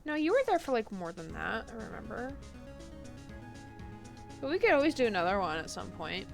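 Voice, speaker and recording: A woman's voice: fairly high pitch, sing-song, a little fast, creaky. A woman streaming a game, chatting casually, laughing and reading game text aloud. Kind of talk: casual let's-play chat. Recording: live stream with game music under.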